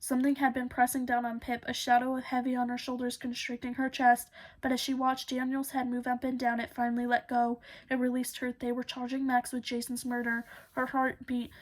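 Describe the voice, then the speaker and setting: A woman narrating a novel chapter as an audiobook, steady with occasional slips. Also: a little high. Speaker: audiobook reader.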